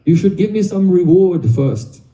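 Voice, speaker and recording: A teasing young male friend bargaining for a reward, voiced by a man telling a story. The voice is high and dark-toned. It sounds echoey and away from the mic. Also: measured pace, far from the mic.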